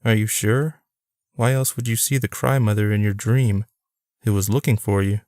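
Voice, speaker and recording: A man's voice: fairly low pitch, steady tone, normal speed, darkish tone, no room sound, studio quality, lightly acted. A man voicing a friendly young woman who turns earnest and ominous, in an audiobook. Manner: playful, then earnest and ominous.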